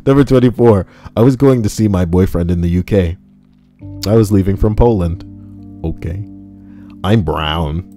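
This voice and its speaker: A low-pitched, mellow man reads reddit stories on stream at a moderate pace, leaving long pauses. He jokes about the posts casually, swearing plenty, adding asides, and bursting into laughter and mock voices. Light guitar music sits underneath this live reading with commentary.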